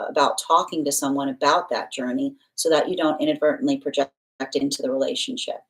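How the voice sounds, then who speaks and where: A woman's voice: low-pitched, poor audio. A woman hosting a live-stream tarot reading, chatty and affectionate, greeting viewers by name and rambling with fillers as she reads the cards. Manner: chatty, warm-hearted, reads comments aloud. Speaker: tarot reader.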